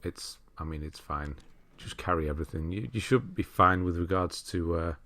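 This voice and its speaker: Male game walkthrough host, deep voice, casual and self-deprecating. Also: normal speed. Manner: relaxed, chatty, laughs at himself, self-correcting. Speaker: walkthrough commentator. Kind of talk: casual gameplay commentary.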